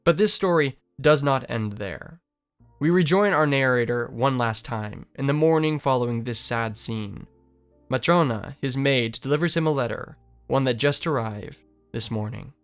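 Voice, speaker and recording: Brief: male essay narrator, resonant, measured, reflective. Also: mid-range voice, smooth, soft background music. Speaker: video essayist. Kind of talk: scripted literary analysis narration.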